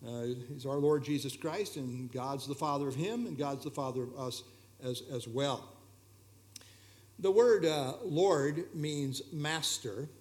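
A man leading an evening Bible study, explaining verses in a relaxed, conversational way with frequent hesitations and fillers. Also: mid-range voice, unhurried.

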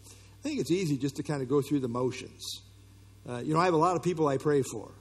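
Husky preacher in a reverberant hall. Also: male voice, on the high side, fast. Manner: earnest, conversational teaching with frequent fillers and restarts. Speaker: pastor. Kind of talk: sermon.

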